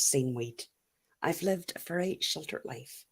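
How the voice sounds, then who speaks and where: Chatty Irish woman with a lowish voice. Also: lively intonation, unhurried. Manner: chatty, blunt, laughs often, swears. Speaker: YouTube livestream host. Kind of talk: casual chat reading live comments.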